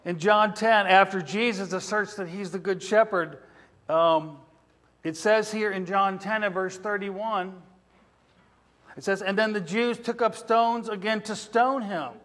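A man's voice: high-pitched, measured pace, fairly bright tone. A man preaching a sermon, asking the congregation questions as he teaches. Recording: reverberant hall.

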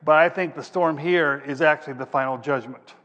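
Higher-voiced preacher in a reverberant hall. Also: male voice, brisk, muffled recording. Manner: reads scripture aloud, then explains it plainly; hunts aloud for passages, thinking out loud. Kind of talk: sermon. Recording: long reverb of a large hall.

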